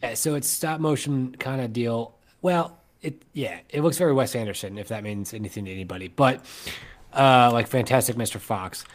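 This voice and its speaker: A man's voice: mid-range voice, normal speed. Joking male podcast host. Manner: joking, teasing banter. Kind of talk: casual chat.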